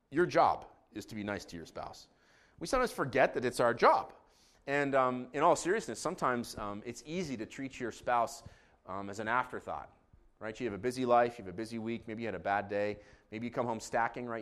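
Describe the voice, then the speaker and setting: A middle-aged man preaching a sermon as a pastor, joking and animated, shouting in acted bits. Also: medium pitch.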